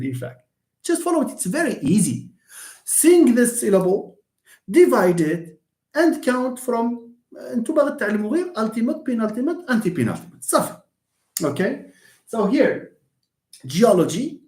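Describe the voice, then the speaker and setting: A man leads a live English lesson, his voice sitting a little high and swinging widely. He drifts into Arabic asides and playfully mimics wrong stress. The room around him is echoey. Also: darkish tone. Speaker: English teacher. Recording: roomy echo.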